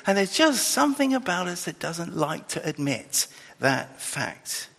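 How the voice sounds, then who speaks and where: A man's voice: sits high, very animated, measured pace, vocal fry, few pauses, a bit bright, long reverb tail. A man preaching a sermon in a loose, conversational way, with restarts and asides.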